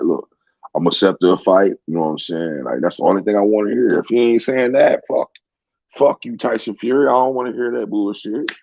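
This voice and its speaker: A man with a very low, deep voice rants about sports in a heated, profane way. The sound is dry and close, with a dull, lo-fi quality. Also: no room sound. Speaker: sports commentator. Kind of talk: casual rant.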